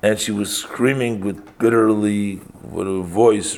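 A man telling a story in a religious lesson, halting, with frequent pauses and self-corrections. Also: lowish voice, steady tone, darkish tone. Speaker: religious teacher.

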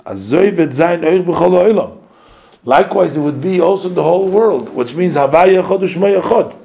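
A man interpreting a religious discourse phrase by phrase. He speaks in short, halting fragments with pauses and restarts. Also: a little high, darkish tone.

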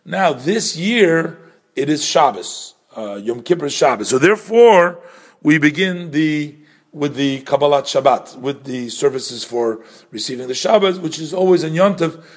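A man with an of giving an informal religious lesson, explaining step by step and often pausing, repeating words and correcting himself. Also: a little high, lively intonation. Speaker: teacher explaining prayer customs.

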